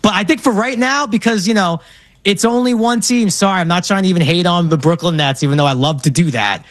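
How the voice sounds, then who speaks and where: A man in his thirties from Brooklyn with a New York accent, telling stories with animated enthusiasm. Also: sits high, fairly quick, dry recording. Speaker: guest. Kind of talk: casual chat.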